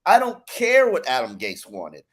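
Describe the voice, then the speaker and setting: A man's voice: a little high, huge pitch swings, a little slow, a bit bright. A man on a sports podcast ranting in an exasperated way, repeating words as he gets worked up. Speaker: podcast columnist. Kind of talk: heated sports podcast rant.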